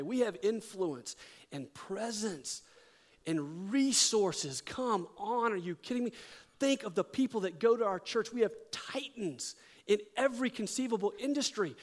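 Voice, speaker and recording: This middle-aged man, a pastor, preaches and narrates a story, his animated delivery sinking at times into hushed intensity. The voice is high-pitched, with a measured pace.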